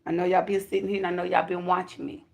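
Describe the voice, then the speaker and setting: A woman's voice: lowish voice, monotone, quick pace, vocal fry, a little mellow. A woman talking casually and emphatically to her viewers as a spiritual reader. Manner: chatty, emphatic, addresses viewers directly.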